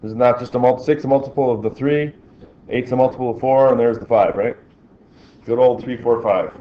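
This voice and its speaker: A man's voice: medium pitch, fairly quick, muffled recording, slight background noise. A male teacher in a classroom, talking through problems and asking the class questions as he works. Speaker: physics teacher.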